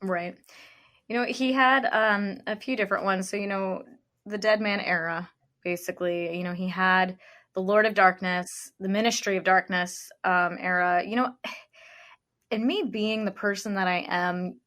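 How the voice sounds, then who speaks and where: A woman's voice: mid-range voice, fairly even intonation, measured pace, fairly bright tone. A woman co-hosting a podcast, chatting casually and enthusiastically, often dropping "like" mid-sentence. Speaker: podcast co-host. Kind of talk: casual chat.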